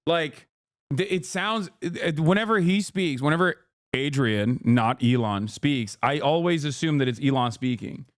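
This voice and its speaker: A man reacting to clips on his stream in casual commentary, blunt and profane, talking excitedly to his chat. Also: a little high, normal speed, no room sound, studio quality.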